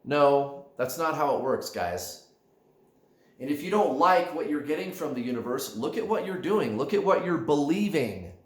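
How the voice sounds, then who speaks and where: Animated man in an echoey room. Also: fairly high pitch, normal speed. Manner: animated, emphatic, addresses viewers as guys. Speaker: spiritual coach. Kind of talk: direct-to-camera coaching talk.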